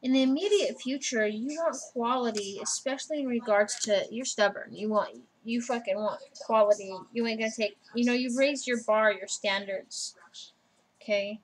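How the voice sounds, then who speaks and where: A woman's voice: on the high side, normal speed, low-quality recording. A woman giving a personal tarot reading in a casual, blunt way, swearing freely as she goes through the cards. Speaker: tarot reader.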